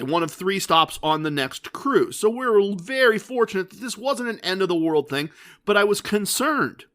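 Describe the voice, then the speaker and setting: Bright-voiced man telling a story. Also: high-pitched. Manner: deliberate, re-enacting dialogue with emphatic slow repetition. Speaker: podcast host. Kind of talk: casual storytelling monologue.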